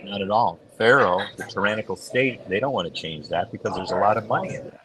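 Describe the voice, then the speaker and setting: Man, middle-aged, low pitch, casual podcast storyteller, animated quoted voices. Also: fast talker, crowd noise, poor audio. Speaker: podcast co-host. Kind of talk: casual chat.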